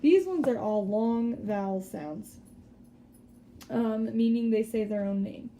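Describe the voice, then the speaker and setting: A woman teacher giving a recorded spelling lesson, patiently explaining step by step and sounding out words slowly. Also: fairly high pitch, mellow, slight background noise. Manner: slow deliberate word-by-word sounding out.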